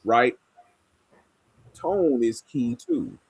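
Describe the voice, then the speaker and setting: A man in casual group conversation, talking slowly and emphatically and demonstrating points by changing his tone. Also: medium pitch, animated, vocal fry, breathy edge, dry recording. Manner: slow, emphatic, explains by demonstrating tone.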